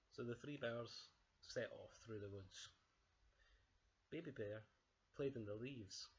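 A man reading a children's storybook aloud in an expressive, unhurried way. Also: fairly low pitch, slightly rough, lo-fi sound.

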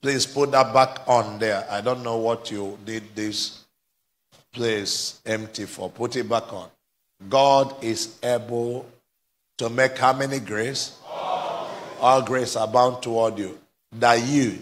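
Male pastor, bright tone, fervent call-and-response preaching. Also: medium pitch, fairly even intonation, takes it slowly, slight background noise. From Nigeria. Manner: exhorting, climbs to fervent shouting, prompts replies. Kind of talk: live sermon with call and response. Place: church service before a congregation.

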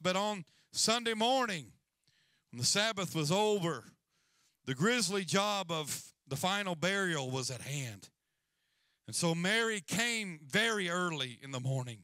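Male pastor, sermon delivery; bright, forceful tone, high voice; storytelling with hushed asides and calls for amen. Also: no room sound, studio quality. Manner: storytelling preacher, swings from hushed to loud, calls for amens. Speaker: senior pastor.

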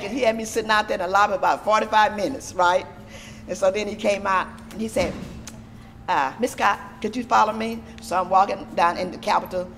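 A middle-aged woman from Texas, a disability advocate, telling a story in a lively, animated way with laughter. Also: medium pitch, a little hiss or hum. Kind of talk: storytelling interview.

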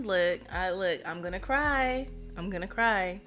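A woman live streamer chatting casually with her viewers, emotional and expressive. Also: mid-range voice, measured pace, a little hiss or hum.

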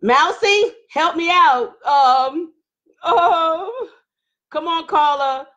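A woman with a high, bright voice hosts a casual live-stream chat and reads out viewers' comments. She talks in a sassy, animated way and bursts out loudly at times. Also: very slow, lo-fi sound. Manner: animated, sassy, loud outbursts and laughs. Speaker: host reading viewer comments.

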